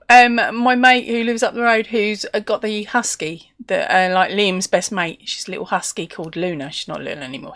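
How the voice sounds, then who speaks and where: Chatty English woman, fairly high voice. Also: fairly bright tone, no room sound, studio quality. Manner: chatty, laughs often, reads viewer comments aloud. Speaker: crochet live-stream host. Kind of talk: casual live-stream chat.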